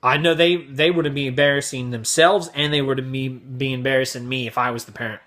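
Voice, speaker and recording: A man's voice: mid-range voice, steady tone, fairly quick, a bit bright. A young man hosting his vlog, telling crude, exaggerated stories in a brash comedic rant. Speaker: vlog host.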